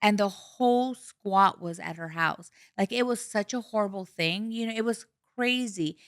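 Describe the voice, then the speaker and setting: A woman's voice: mid-range voice, moderate pace, no echo, studio quality. A middle-aged woman hosting a podcast, telling stories bluntly and swearing freely in casual chat. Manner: blunt, animated storytelling with swearing. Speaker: podcast host.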